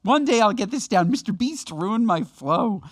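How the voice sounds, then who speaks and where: Animated man ranting on a podcast. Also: high voice, moderate pace, dry recording, clean studio sound. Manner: animated, mock-outraged ranting. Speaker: podcast co-host. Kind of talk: casual comedic podcast chat.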